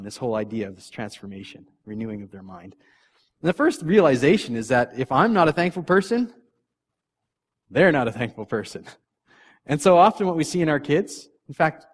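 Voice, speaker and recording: A man preaching a casual, conversational sermon as a father of three young kids. He laughs often at himself and restarts his sentences, and his volume swings from quiet asides to punchy emphasis. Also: medium pitch. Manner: chatty and self-deprecating, laughs often; frequent restarts, loudness swings from soft to punchy. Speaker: pastor.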